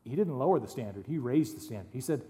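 A pastor speaks fast and animatedly in a mellow, mid-range voice, preaching to his congregation with humor, jokes and asides in a conversational manner. The recording carries a long hall reverb.

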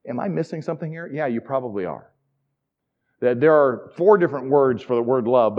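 A man's voice: medium pitch, lo-fi sound. A man preaching a sermon in a conversational, enthusiastic teaching manner with asides. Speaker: pastor.

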